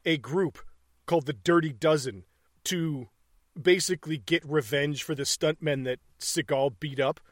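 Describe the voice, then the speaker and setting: A man's voice: fairly high pitch, measured pace, no room sound, studio quality. A man co-hosting a podcast in casual chat, blunt and profane, laughing often. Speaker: podcast co-host.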